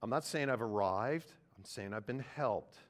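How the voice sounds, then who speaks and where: A man's voice: medium pitch, moderate pace. Emphatic preacher man. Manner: earnest, swings from quiet reflection to loud emphatic preaching. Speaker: pastor. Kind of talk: sermon.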